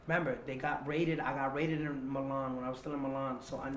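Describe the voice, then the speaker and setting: A young man telling a personal story as a guest, animated and full of slang, acting out what others said. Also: mid-range voice, quick pace, a little hiss or hum. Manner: animated, acts out quoted dialogue, street slang. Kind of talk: confessional storytelling. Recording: roomy echo.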